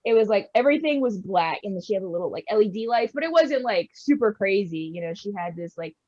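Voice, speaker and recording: A woman streamer chats casually and tells lively stories, acting out the voices of friends and chat. Her voice sits at a middle pitch. It comes through dry and a bit dull, like a lo-fi recording. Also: fast, dry recording. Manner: animated storyteller, acts out what others said. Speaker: streamer guest.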